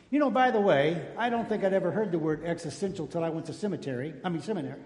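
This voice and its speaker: A man's voice: sits high, lively intonation, fast, darkish tone. An older male pastor preaching a sermon in a folksy, joking way, calling out to his congregation. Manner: folksy, jokey preaching with call-outs to the congregation. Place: church sanctuary. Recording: echoey church hall.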